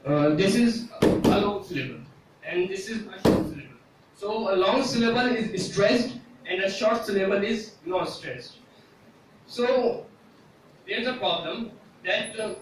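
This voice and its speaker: A student presenter, a man with a high and slightly bright voice, gives a classroom presentation, explaining things hesitantly with frequent "uh" fillers. He's recorded from a distance in an echoey room with faint noise.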